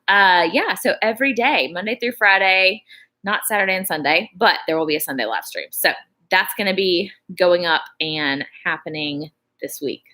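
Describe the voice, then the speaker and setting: Bright-voiced woman rambling on a livestream. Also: lowish voice. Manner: chatty, rambling, reads comments aloud, says y'all. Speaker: vlogger on a live stream. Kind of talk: casual live-stream chat.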